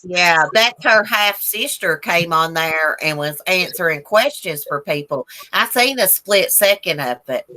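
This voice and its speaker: A woman's voice: lowish voice, animated, a little slow, few pauses, sharp tone, no room sound, low-quality recording. A woman from Northern Virginia hosting a casual live stream, chatting and greeting viewers by name. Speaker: livestream host.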